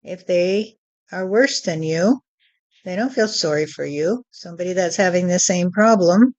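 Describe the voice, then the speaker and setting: A woman giving a channeled spiritual teaching, speaking deliberately and often adding "you see.". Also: fairly low pitch, darkish tone, muffled recording.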